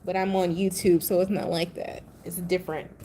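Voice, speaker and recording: A woman's voice: fairly low pitch, level tone, moderate pace. A woman giving a casual tarot reading, blunt, profane and chatty, drifting into playful tangents. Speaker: tarot reader. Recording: faint background noise.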